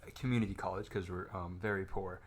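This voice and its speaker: A man's voice: sits low, fairly even intonation, fast. A young man co-hosting a casual podcast, insistent and laid-back, from Florida. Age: young adult. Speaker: podcast co-host. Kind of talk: casual chat.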